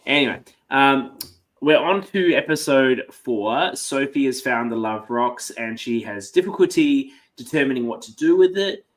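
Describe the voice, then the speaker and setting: A man's voice: mid-range voice, animated, normal speed. A man co-hosting a podcast, chatting casually through a reality show recap, swearing freely and restarting his sentences. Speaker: podcast co-host.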